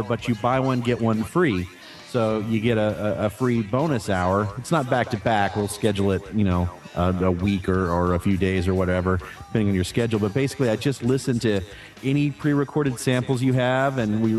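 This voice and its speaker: Speaking on the low side, a male voice actor fields interview questions casually and conversationally, with plenty of fillers and false starts.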